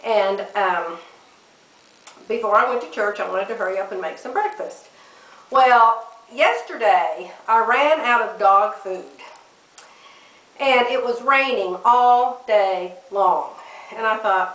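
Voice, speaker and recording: A woman's voice: medium pitch, takes it slowly, fairly bright tone. A middle-aged woman chatting to camera, telling a funny story and laughing often. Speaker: vlogger. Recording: echoey room, mic at a distance.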